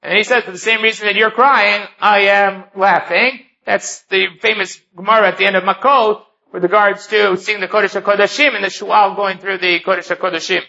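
A man's voice: high-pitched, steady tone, a little fast, creaky, hardly any pauses, sharp tone. A man teaching a Talmud lesson, reading the Hebrew and Aramaic text aloud and then explaining it in English. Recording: dull lo-fi recording.

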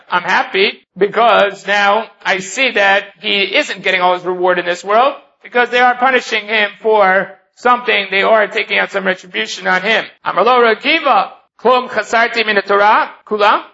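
A man's voice: high voice, moderate pace, creaky, sharp tone. A man teaching a Talmud lesson, reading the Hebrew and Aramaic text aloud and then explaining it in English. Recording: dull lo-fi recording.

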